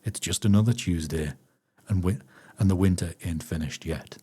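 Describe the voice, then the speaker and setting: A man reads a farming diary aloud on a live stream at an easy, unhurried pace. His voice sits very low, with a dark, husky grain. He breaks off now and then for chatty asides to his viewers. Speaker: streamer reading a book aloud.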